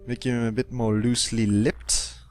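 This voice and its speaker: A man's voice: medium pitch, flat delivery, normal speed, darkish tone, faint music behind. Joking young man playing a game. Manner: joking, swearing, muttering to himself. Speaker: let's play host. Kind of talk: casual game commentary.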